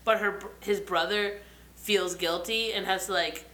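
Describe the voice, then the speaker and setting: Bright-voiced woman, echoey room. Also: mid-range voice, normal speed. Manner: animated storyteller, acts out quotes. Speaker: podcast co-host. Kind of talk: casual chat.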